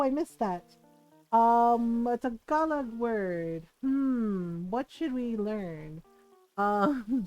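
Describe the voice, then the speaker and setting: A woman live-streaming a game, chatting freely with her viewers. Her voice sits high and bubbly, and she keeps breaking into laughter as she retells a story. Soft music plays behind her. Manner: animated, laughing, acting out quoted friends. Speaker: variety streamer. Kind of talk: casual live-stream chat.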